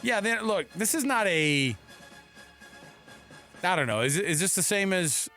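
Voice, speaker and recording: Joking, bright-voiced male radio host. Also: high voice, sing-song, unhurried, soft background music. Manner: joking, playful, does voices. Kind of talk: casual sports talk radio. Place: radio studio.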